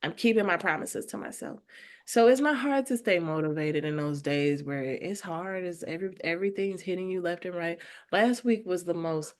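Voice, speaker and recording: A woman guest on a podcast, an artist and educator, talking in a heartfelt, animated way and laughing often. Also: fairly low pitch, moderate pace. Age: adult with children. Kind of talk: casual conversational interview.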